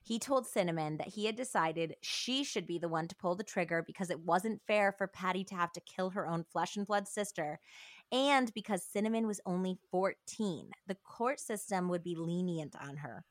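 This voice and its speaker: A woman's voice: on the low side, normal speed, dry recording, clean studio sound. A woman hosting a true crime podcast, earnestly telling the story and reading passages aloud from a book. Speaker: podcast host.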